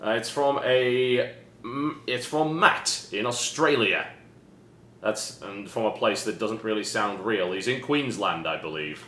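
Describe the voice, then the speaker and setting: A British man hosting a casual unboxing chat with dry, deadpan sarcastic humor. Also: lowish voice, unhurried. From Britain. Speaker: host. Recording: roomy echo with faint noise.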